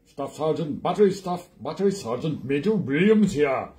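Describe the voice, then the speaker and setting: A man's voice: on the high side, animated, moderate pace, dark tone, lightly acted. A man playing a blustering middle-aged Welsh army sergeant major with a put-on Welsh accent, rambling and self-mocking on a live music stream. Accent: mock Welsh. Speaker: musician host.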